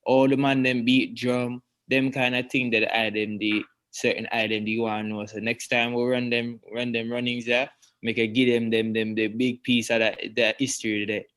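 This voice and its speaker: A man's voice: medium pitch, level tone, normal speed, fairly bright tone. A man hosting a casual chat, hesitant and restarting his phrases. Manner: hesitant, many fillers and restarts. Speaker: host.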